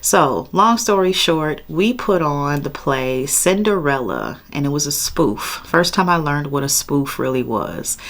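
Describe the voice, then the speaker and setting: A woman casually telling a personal story, expressive and laughing as she goes. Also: a bass voice.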